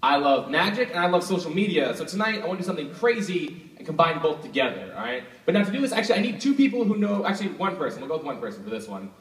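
A man's voice: fairly high pitch, racing. A young man performing as a stage magician, talking casually and with energy to a live audience, hyping them up and chatting with helpers. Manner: energetic, hyping the crowd, filler "like". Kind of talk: live stage show patter. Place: live show venue with audience. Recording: echoey hall, from a distance, crowd and noise.

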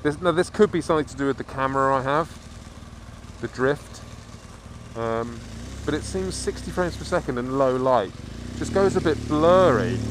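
Sweary biker over road noise. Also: male voice, mid-range voice. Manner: chatty, sweary, rambling. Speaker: motorcycle vlogger. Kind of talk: casual chat while riding. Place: riding a motorbike in city traffic outdoors. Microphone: helmet camera mic. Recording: loud wind and traffic noise.

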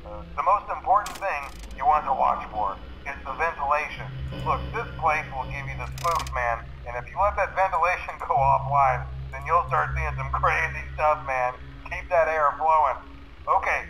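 A man's voice: on the high side, moderate pace, pushed and bright. A man voicing a laid-back attraction manager in a recorded message, rambling with fillers and chuckles. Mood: easygoing. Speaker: recorded phone message from a boss. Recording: noisy recorded message audio.

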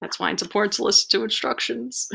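A woman librarian reads a picture book aloud at a middling pitch. She is animated and breaks in with playful asides between pages. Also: fast, vocal fry. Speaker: children's librarian. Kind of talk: storybook read-aloud.

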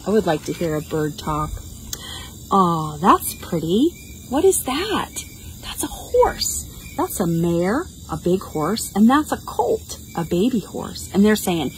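A woman reads a picture book aloud to toddlers, her pitch leaping around in a bouncy sing-song. She talks slowly and patiently, coaxing the little ones and making animal noises as she goes. Faint insect chirps hum in the open air behind her. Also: very animated, darkish tone, low-quality recording. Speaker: children's librarian. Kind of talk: toddler storytime reading. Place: outdoors.

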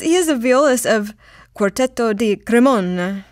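A woman's voice: a little high, lively intonation, moderate pace, a little mellow, no echo, clean studio sound. A woman hosting a classical music podcast, upbeat and laughing easily as she introduces and questions her guest. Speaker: podcast host. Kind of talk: scripted intro then interview chat.

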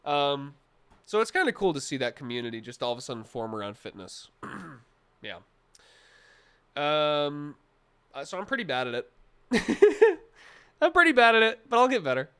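A man's voice: fairly high pitch, very animated, normal speed, pauses often, fairly bright tone, clear, resonant tone. A young man streaming, chatting casually with his live chat in a rambling, jokey way, full of restarts and mock-serious asides.

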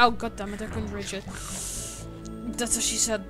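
A woman giving let's play commentary over a game she hosts, swearing a lot and often breaking into shouted, frustrated outbursts. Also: mid-range voice, little pitch movement, measured pace, music in the background. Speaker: gaming video host.

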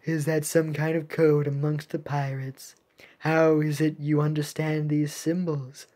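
Game villain-ish captain: stern, formal, British-accented female ice captain, done by a woman reader, low and measured. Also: little pitch movement, warm tone. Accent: British (put on).

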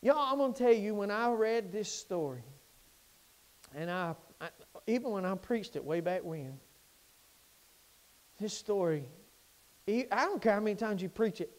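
A male pastor, preaching an impassioned sermon in a church sanctuary and swinging between loud cries and hushed lines. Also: extremely high pitch.

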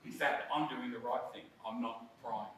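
A man's voice: mid-range voice, normal speed, a bit bright. A middle-aged man presenting a coaching workshop in a conversational, emphatic way, often checking in with "right?". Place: presentation room. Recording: roomy hall, distant mic, faint noise.

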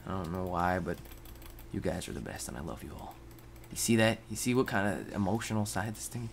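Young male gamer host, low-ish voice, jumps from muttered whispers to sudden shouts, faint hiss behind. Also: expressive, fairly quick. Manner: erratic, swings from mutters and whispers to yelling; swears freely, talks to viewers. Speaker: gaming video host. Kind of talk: casual gameplay commentary.

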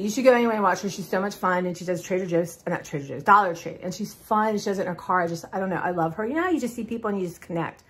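A woman in her fifties talks to her viewers in a loose, rambling way, trailing off and starting again and sighing between thoughts. Her voice has a slightly husky, breathy edge. It sits at an ordinary middle pitch for a woman. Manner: rambling and chatty, drawn-out y'all and sighs. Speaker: vlogger. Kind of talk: casual haul chat.

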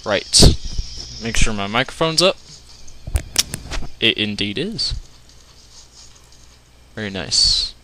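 A man giving joking, goofy let's play commentary, yelling when the fighting heats up. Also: on the low side, animated, slow, long pauses, slight background noise. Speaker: gaming commentator.

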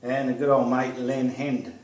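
A man with an Australian accent, casually greeting friends in a friendly, unhurried way while he paints. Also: medium pitch, little pitch movement, darkish tone. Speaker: artist vlogger. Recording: roomy echo, distant mic.

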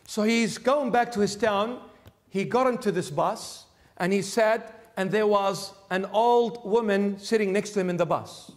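High-voiced man telling a sermon story. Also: a little slow. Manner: animated, conversational, acts out quotes. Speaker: bishop. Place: church.

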